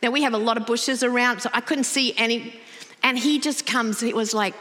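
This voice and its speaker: A middle-aged woman preaching to a congregation, her fairly high voice lively and conversational as she tells a story. The sound carries a long reverb, as in a large church hall. She talks with the ease of a pastor who speaks from the pulpit often. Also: a little fast. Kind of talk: sermon with personal story.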